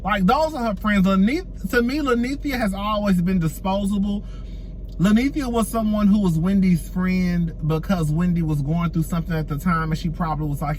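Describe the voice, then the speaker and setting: A man's voice: high-pitched, moderate pace, darkish tone, slight background noise. A man giving sassy, chatty reality-TV gossip commentary, addressing viewers as girl and y'all and laughing often. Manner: laughs often while talking. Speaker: celebrity gossip vlogger.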